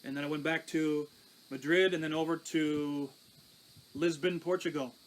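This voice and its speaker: A man's voice: on the high side, fairly even intonation, moderate pace, rough recording. A pastor telling his life testimony in a conversational, storytelling way. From Canada. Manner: conversational, recounting with small restarts.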